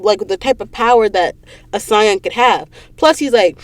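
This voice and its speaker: Animated woman recapping a book, dry booth. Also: medium pitch, fairly quick, dry recording. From Georgia, US. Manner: animated, gushing storyteller, slips into whispers and asides. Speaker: podcast host. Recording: dry close recording booth.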